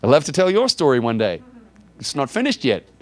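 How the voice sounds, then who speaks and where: A man preaching as a pastor, spinning a personal story with a lively, swooping voice. He acts out the dialogue and jumps his pitch up high for the other voices. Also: a little fast. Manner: animated, acts out dialogue with God in raised voices. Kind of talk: storytelling sermon.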